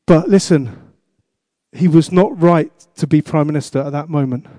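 A man's voice: fairly high pitch, moderate pace, warm tone, no echo, studio quality. A man preaching a sermon as pastor, asking the congregation questions and repeating his exhortations.

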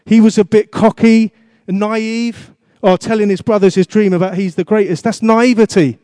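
A man's voice: high voice, steady tone, normal speed, dark tone, no echo, studio quality. A man preaching a sermon as pastor, asking the congregation questions and repeating his exhortations.

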